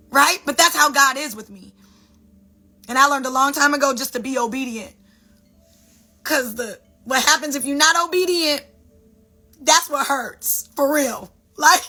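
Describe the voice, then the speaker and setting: A woman talking as a sound healer, animated and preachy, giving a dramatic motivational spiritual talk. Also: sits high, unhurried, pauses often.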